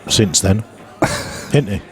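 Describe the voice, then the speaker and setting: A man's voice: on the low side, animated, takes it slowly, a bit bright, some chatter behind. A man giving casual live pool commentary, joking and chuckling with a co-commentator in a dry, bantering way. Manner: jokey, chuckling, dry British humour.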